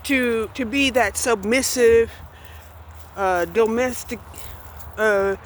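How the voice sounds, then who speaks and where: A woman's voice: on the high side, takes it slowly, slight background noise, poor audio. A woman in her sixties speaking bluntly in a candid personal monologue, often checking in with "right?" and "you know". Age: 60s. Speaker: vlogger.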